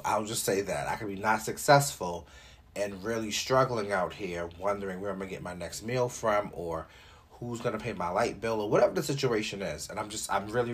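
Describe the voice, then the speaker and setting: A man's voice: lowish voice, slightly rough. A young man hosting his own podcast, chatting casually and joking, with plenty of swearing and filler words. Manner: animated and joking, with frequent profanity and filler likes. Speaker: podcast host. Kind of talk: casual solo podcast chat.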